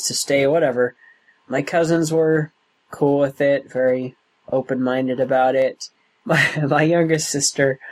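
Young guy in an interview, talks real slow and careful, lots of pauses. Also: mid-range voice, low-quality recording. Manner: slow, halting, thoughtful, with restarts. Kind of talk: oral history interview.

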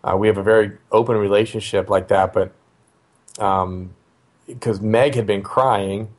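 A middle-aged man with a fairly low voice tells a story about his family. He talks in a relaxed, conversational way, pausing on fillers and restarting his sentences as he thinks. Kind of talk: casual personal storytelling.

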